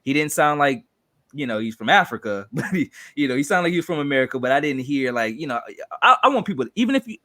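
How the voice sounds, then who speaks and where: A man from Chicago with a Chicago accent, chatting casually as co-host of a trailer reaction video, talking with many fillers and animated bursts. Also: on the high side, fast, no room sound.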